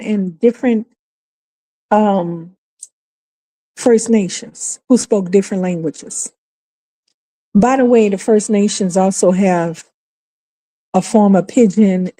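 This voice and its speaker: A woman with a New Orleans accent holds forth on a casual livestream. She is emphatic and exasperated, and she swears freely. Her voice has a dark, mellow tone. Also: mid-range voice. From New Orleans, USA. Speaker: livestream host. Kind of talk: casual opinionated livestream talk.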